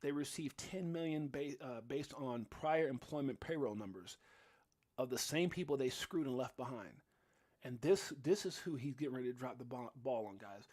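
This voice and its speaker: A man hosting a casual crypto livestream, talking in an animated, rambling way full of restarts and fillers. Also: mid-range voice, moderate pace. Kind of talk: casual live-stream chat. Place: home studio in Las Vegas.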